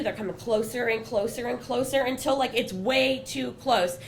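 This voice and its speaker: A young woman with a fairly high voice tells a personal story on stage. She talks casually and mocks herself, with plenty of "you know" and "like." She is heard through a stage mic in a small bar. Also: moderate pace, few pauses, very noisy. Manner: conversational, self-mocking, full of "you know" and "like". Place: small bar venue with live audience.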